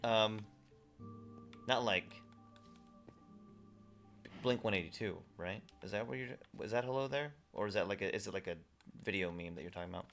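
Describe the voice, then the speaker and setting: Bright-voiced young man reading chat. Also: lowish voice, normal speed, pauses often, faint music behind. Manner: reads viewer messages aloud and replies. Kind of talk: casual live-stream chat.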